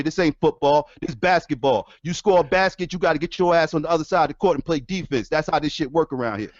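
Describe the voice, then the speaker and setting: Guy ranting on his stream, cussing a lot, kinda high voice, dull dry lo-fi sound. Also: no room sound. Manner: profane, animated, laughs often. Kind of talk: casual rant to stream.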